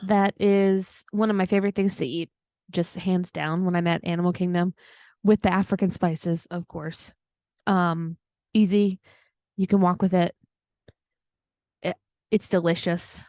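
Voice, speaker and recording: A woman's voice: fairly low pitch, level tone, unhurried, long pauses, mellow, dry recording, studio quality. A woman co-hosting a casual podcast, bubbly and enthusiastic. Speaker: podcast co-host.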